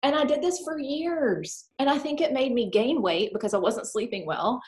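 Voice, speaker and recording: A woman's voice: sits high, normal speed. A woman talking casually and openly, full of "like" fillers, who acts out her own thoughts in quoted voices. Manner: chatty, animated, filler-heavy with lots of "like". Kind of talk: casual chat.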